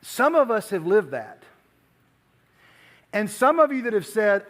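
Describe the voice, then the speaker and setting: A man's voice: high voice, unhurried, long pauses. A man preaching to a youth group, telling stories animatedly and acting out the dialogue. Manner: animated storytelling, acts out dialogue. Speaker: youth pastor. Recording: long hall reverb.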